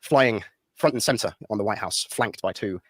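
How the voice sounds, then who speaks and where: A man's voice: lowish voice, moderate pace, a bit bright, no echo, studio quality. A British man giving earnest political commentary, often restarting and repeating words as he talks. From Britain. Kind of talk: studio political discussion.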